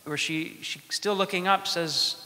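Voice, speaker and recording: Priest guy giving a sermon, slow and measured, bright voice, long echo from the church. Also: sits high, fairly even intonation. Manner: slow, measured preaching with dramatic pauses.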